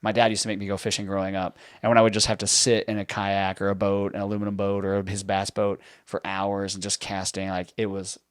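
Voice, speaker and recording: A man in his thirties from near Houston hosting a podcast interview, chatty and quick to laugh as he tells stories. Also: lowish voice, monotone, clear, resonant tone, no room sound, clean studio sound. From near Houston, Texas. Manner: chatty, storytelling, laughs easily. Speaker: podcast host. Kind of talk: casual conversational interview.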